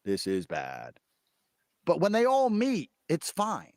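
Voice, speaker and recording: A man's voice: on the high side, wildly swooping pitch, slow, dry recording, studio quality. A man arguing his point emphatically and with sarcasm. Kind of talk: argumentative talk.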